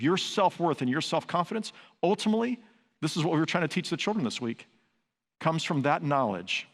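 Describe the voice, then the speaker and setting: This older pastor's voice is on the high side, animated, fairly quick, and a bit bright. He preaches earnestly yet conversationally, weaving personal stories into his teaching, with the long reverb of a large church sanctuary around him.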